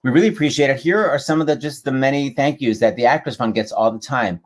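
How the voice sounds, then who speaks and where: A man's voice: mid-range voice, quick pace. A man hosting a live video-call show, chatting casually with jokes, teasing and rambling asides. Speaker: host. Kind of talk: casual chat.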